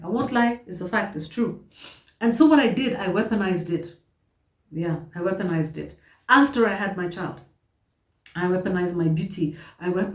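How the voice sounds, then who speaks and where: A woman telling her own life story to her viewers, animated, emphatic and often repeating herself. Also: medium pitch, recorded from a distance. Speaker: vlogger. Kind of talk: personal storytelling to camera. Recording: roomy echo, voice set back from the mic.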